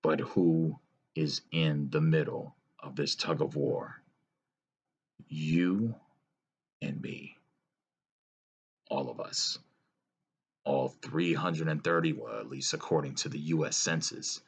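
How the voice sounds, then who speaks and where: A man giving a solo opinion monologue, earnest and lecturing, pausing and sighing as he talks. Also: rumbling low, fairly even intonation, husky. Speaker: political commentator.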